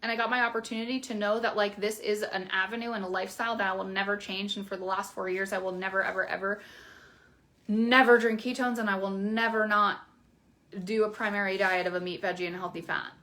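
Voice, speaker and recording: A woman's voice: mid-range voice, fairly even intonation, quick pace, bright, forceful tone. A young woman coach talking frankly and casually to her viewers, with many fillers. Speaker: keto coach. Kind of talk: casual promotional video talk.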